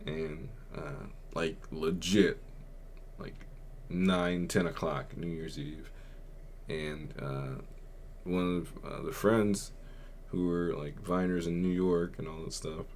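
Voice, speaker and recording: A man's voice: deep voice, fairly even intonation, takes it slowly, darkish tone, slight background noise. A young man hosting a podcast, telling a personal story in a rambling, subdued way, full of filler words. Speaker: podcast host. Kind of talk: casual storytelling.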